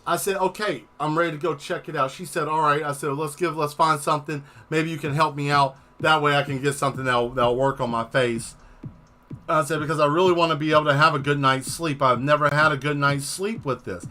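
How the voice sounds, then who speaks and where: Exasperated man ranting with a bright voice. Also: fairly high pitch, fairly quick, soft background music. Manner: exasperated, profane, animated retelling. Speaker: host. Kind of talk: casual storytelling rant.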